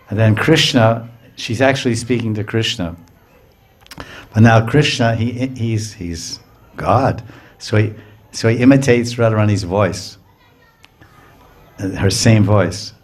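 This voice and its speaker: Low-voiced guy telling a holy story in a lecture, acts out all the characters. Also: takes it slowly, long pauses. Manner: lively storyteller who acts out the characters and checks in with listeners. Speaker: spiritual teacher.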